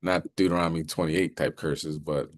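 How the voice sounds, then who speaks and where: A man hosting a religious commentary, talking loosely with many fillers and reading scripture slowly and solemnly. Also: a bass voice, steady tone, dry recording, clean studio sound.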